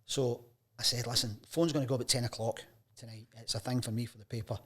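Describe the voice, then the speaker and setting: A Scottish man in his fifties tells stories from his working life at an ordinary pitch and a natural pace. He is a guest in a relaxed interview, and he slips into the voices of the people he quotes. The feel is animated and conversational. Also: fast talker, slightly rough. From Scotland. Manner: lively anecdotes, acts out quoted voices. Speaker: guest, sports journalist. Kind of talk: casual storytelling interview.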